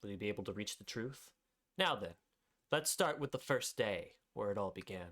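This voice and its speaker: A man's voice: lowish voice, lively intonation, normal speed, a bit bright. A man streaming a game with friends, reading its story text aloud. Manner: stumbles, then reads narration smoothly.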